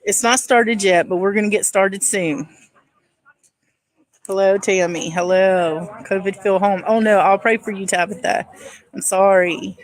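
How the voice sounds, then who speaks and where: A woman's voice: medium pitch, steady tone, unhurried, no room sound, poor audio. A woman hosting a live stream from her phone, casually greeting viewers by name and chatting with them. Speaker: livestream host.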